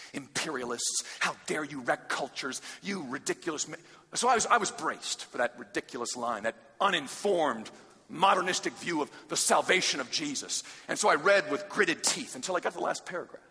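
A high, lively male preacher with a bright, husky voice. He delivers a sermon with drama, swinging from urgent, loud passages to hushed, near-whispered ones, and his voice rings with long reverb in a large hall.

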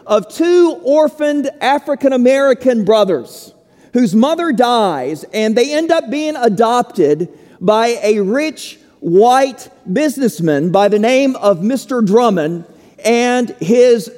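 A man preaching a sermon slowly and emphatically, with dramatic pauses. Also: extremely high pitch, lively intonation, a little mellow, long reverb tail. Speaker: pastor.

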